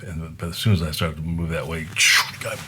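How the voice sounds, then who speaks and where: A low-pitched older man from Buffalo spins loose, rambling stories as a guest musician in a casual interview. He acts out other people's lines as he goes. A faint hiss sits under his voice. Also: fairly even intonation, a little fast, bright, forceful tone. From Buffalo, New York, USA. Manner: rambling anecdotes, acting out quoted voices with laughs. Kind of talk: casual storytelling.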